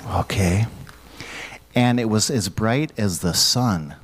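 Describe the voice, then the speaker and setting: A man leading a church children's message, gently asking the kids questions and waiting for their answers. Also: lowish voice, slow pace, a little hiss or hum. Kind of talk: children's sermon.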